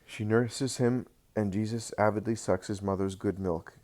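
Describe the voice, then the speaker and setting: A man narrates a devotional text in a slow, earnest reading. His voice sits very low, and he now and then stumbles on a word and corrects himself. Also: fairly even intonation, warm tone.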